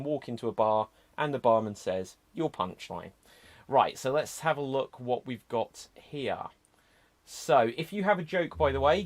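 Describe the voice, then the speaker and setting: A man hosting an online improv show, explaining games in a brisk, chatty way. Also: mid-range voice.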